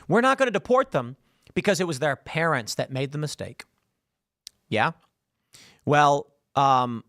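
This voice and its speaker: A man's voice: a little high, fairly bright tone, dry recording, clean studio sound. Sarcastic man hosting a political stream. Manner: sarcastic, mocking, breaks into mock voices. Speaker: political show host. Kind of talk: opinionated live-stream commentary.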